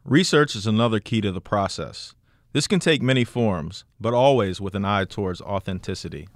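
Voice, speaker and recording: A man reporting and narrating a scripted radio news feature in a measured, even way. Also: lowish voice, no room sound. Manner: measured, even storytelling delivery.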